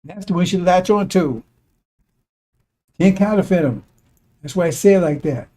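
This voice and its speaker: A man's voice: sits high, moderate pace, dark tone. A man giving an informal preaching monologue, talking conversationally and drilling his points with repeated asides like "see?" and "right?". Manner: repetitive, emphatic drilling of points. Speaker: religious commentator.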